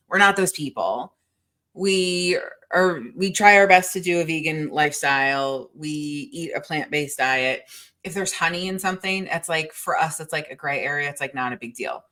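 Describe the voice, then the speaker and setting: A woman's voice: deep voice, moderate pace, bright, forceful tone. A middle-aged woman co-hosting a podcast, telling stories in a profane, exasperated casual chat. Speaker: podcast co-host.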